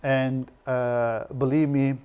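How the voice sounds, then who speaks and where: Male guest, warm dark tone, earnest, passionate speech. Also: medium pitch, level tone, slow pace, clear, resonant tone, dull audio. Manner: earnest, speaks from the heart. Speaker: guest activist. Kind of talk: passionate talk show commentary.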